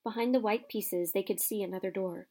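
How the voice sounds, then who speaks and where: A woman narrating a children's fantasy novel aloud with expressive, lively storytelling. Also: mid-range voice, brisk.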